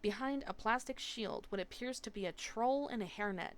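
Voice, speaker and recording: A woman reading a novel aloud live in steady, expressive narration. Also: fairly high pitch, moderate pace. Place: home streaming setup.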